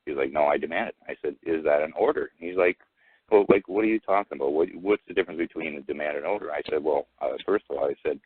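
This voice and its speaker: Very deep-voiced man calling in by phone. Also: husky, no room sound. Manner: rambling, halting, full of fillers and restarts; retells exchanges by quoting both sides. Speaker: caller. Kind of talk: casual storytelling on a call-in show. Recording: tinny phone line, dry.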